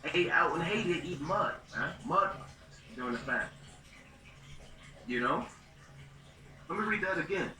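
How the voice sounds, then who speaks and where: A man's voice: on the high side, expressive, normal speed, pauses often, bright, forceful tone, distant mic. A man teaching from the Bible in an informal, slangy way, reading verses aloud and then explaining them in plain talk. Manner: casual slangy speech, reads scripture then explains. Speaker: preacher. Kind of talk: street-style bible teaching. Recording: roomy echo, voice from off the mic.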